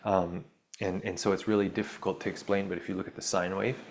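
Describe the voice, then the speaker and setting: A man's voice: sits low, flat delivery, fast talker, gravelly. A man hosting a podcast, talking through spiritual ideas in a rambling, self-interrupting way with wry asides. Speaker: podcast host. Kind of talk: casual spiritual monologue.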